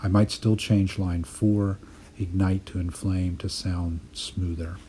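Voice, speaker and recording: Much like a writing teacher taking students through drafts, this man narrates a poetry lesson as a voice-over, explaining his work in a careful, measured way. His voice is very low and mellow with fairly level intonation, and a faint noise hiss runs underneath.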